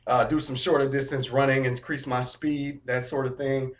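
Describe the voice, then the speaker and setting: A man's voice: medium pitch, little pitch movement, normal speed. Upbeat motivational man telling a story. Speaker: vlogger. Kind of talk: casual vlog update.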